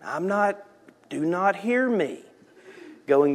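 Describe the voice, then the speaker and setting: Pastor preaching in a reverberant church. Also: male voice, fairly high pitch, sing-song, measured pace. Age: 40s. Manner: storytelling with laughter, acting out voices. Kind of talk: sermon. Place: church sanctuary.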